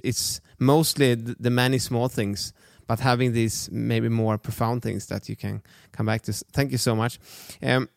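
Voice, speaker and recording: A man hosting an interview, speaking hesitantly with restarts and gentle affirmations. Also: medium pitch, no room sound, clean studio sound. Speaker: podcast host. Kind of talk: casual interview.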